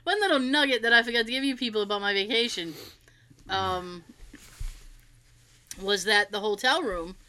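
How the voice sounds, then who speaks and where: Bright-voiced animated woman storyteller. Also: mid-range voice, normal speed, pauses often. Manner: animated storyteller, laughs often, mimics others in quotes. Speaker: podcast co-host. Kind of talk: casual chat.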